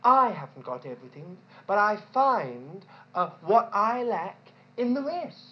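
A woman preaching a sermon in an animated way, asking rhetorical questions and repeating points for emphasis. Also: medium pitch, unhurried. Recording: dull lo-fi recording.

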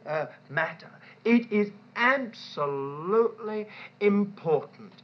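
A woman preaching a sermon in an animated way, asking rhetorical questions and repeating points for emphasis. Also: fairly high pitch. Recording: dull lo-fi recording.

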